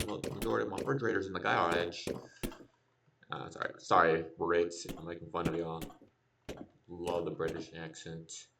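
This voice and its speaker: A man streaming a building game, rambling and thinking aloud as he plans, recorded from a distance over loud background noise. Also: sits low, level tone, brisk, vocal fry. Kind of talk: casual gameplay commentary.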